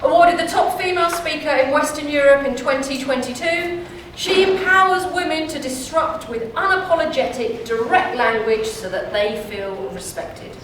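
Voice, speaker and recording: Event host: high-voiced woman, upbeat announcer, echoey distant hall, faint ambience. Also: moderate pace, fairly bright tone, a little hiss or hum. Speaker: event host introducing speakers. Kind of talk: formal speaker introduction. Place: conference hall.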